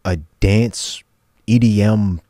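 A young man co-hosting a reaction video, talking excitedly and laughing in disbelief. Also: lowish voice, takes it slowly, no echo. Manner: excitable, incredulous, laughs often. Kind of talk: casual reaction chat.

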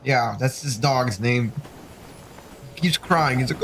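A man's voice: a little high, animated, normal speed, background noise. A man streaming a game from home with his young son, in laid-back, casual chatter full of "dude". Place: home gaming setup.

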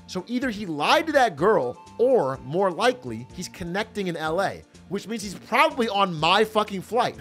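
A young man streaming, telling a casual story to his chat in a profane, animated way with frequent laughter. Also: sits high.

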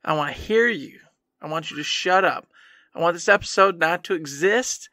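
A man's voice: fairly high pitch, moderate pace, sharp tone, no room sound, studio quality. A man co-hosting a gaming podcast, scolding his past self in a mock-angry casual rant. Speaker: podcast co-host.

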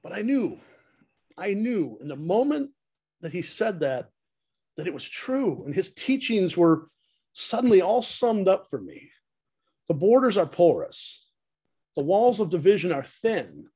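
Pastor, male, fairly high voice, telling stories in a heartfelt tribute. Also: big pitch swings, a little slow, long pauses, dark tone, husky. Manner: storytelling, heartfelt and humorous. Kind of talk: retirement tribute speech.

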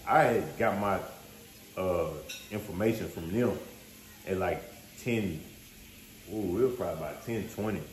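A man's voice: sits low, unhurried, pauses often, a little hiss or hum. Man telling a slangy story in a roomy room. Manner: animated, conversational, slangy. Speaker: vlog host. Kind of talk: casual storytelling to viewers.

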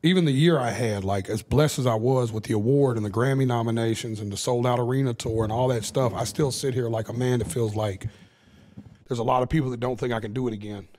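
A man's voice: mid-range voice, fast, darkish tone. Podcast guest: middle-aged man, open and profane storyteller. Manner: candid storytelling, swears freely. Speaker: guest musician. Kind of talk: casual podcast chat.

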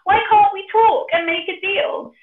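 A woman voicing a frightened little male pig in a storybook reading, with a shrill, pleading manner. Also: steady tone, measured pace, a little hiss or hum. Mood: squealing, pleading. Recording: echoey, tinny call audio.

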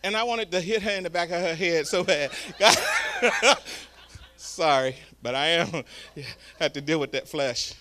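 A man preaching a storytelling sermon, swinging from hushed asides to loud shouts. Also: a little high, fairly even intonation, moderate pace, few pauses, slight background noise. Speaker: guest preacher. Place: church sanctuary.

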